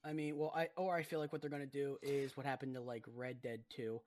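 A young man co-hosting a casual gaming podcast, swearing freely and laughing loudly as he rants. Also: mid-range voice, flat delivery, quick pace. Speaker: podcast co-host.

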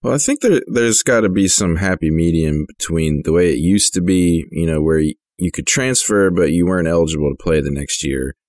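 A man's voice: deep voice, a little fast, hardly any pauses, darkish tone, dry recording, clean studio sound. A man co-hosting a casual sports podcast, asking rhetorical questions and swearing freely. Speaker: podcast co-host.

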